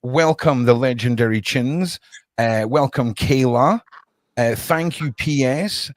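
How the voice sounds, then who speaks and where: A man's voice: mid-range voice, slow pace, no echo, clean studio sound. A man hosting a casual livestream podcast from his home desk, rambling and chatting with viewers by name.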